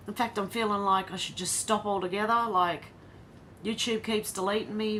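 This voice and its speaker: A woman's voice: mid-range voice, brisk, a bit bright, a little hiss or hum. An Australian woman hosting a casual livestream, talking in a tired, wry way and reading out chat comments. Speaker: livestream host.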